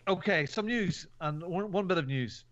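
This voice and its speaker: A man's voice: high-pitched, expressive, normal speed. A man hosting a podcast in casual chat, rambling and jokey with lots of fillers. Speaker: podcast host. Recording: dull, dry podcast mic.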